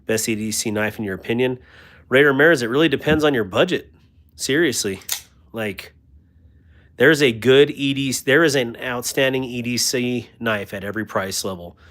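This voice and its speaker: A medium-pitched male voice at a moderate pace belongs to a knife livestream host. In a casual, chatty way he talks about knives, goes through viewer comments and jokes about himself, warmly thanking viewers along the way.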